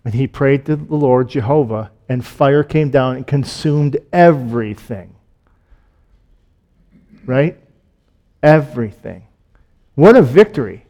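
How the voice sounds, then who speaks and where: A man preaching a sermon, reading scripture aloud and explaining it in a conversational way. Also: mid-range voice. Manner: reads scripture aloud, then explains it in plain, conversational asides; drops to a soft, slow hush on solemn points, rises when excited.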